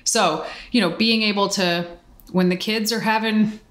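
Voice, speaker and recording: A woman's voice: medium pitch, fairly even intonation, measured pace, a bit bright. A woman co-hosting a podcast, telling chatty stories and drifting into tangents in casual conversation. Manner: chatty, tangent-prone storyteller. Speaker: podcast co-host.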